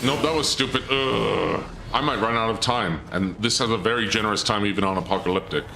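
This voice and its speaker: Over a noisy background, a man streams a game and talks casually to viewers, muttering criticisms of himself. His fairly low voice is brisk and has vocal fry.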